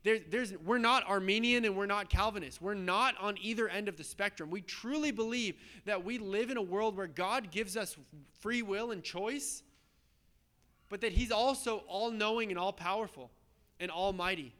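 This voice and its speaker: A man's voice: sits high, moderate pace, sharp tone. A man preaching a sermon in a conversational, emphatic way, often checking in with his listeners. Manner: emphatic, conversational, frequent "okay?" and "right?" check-ins. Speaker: pastor.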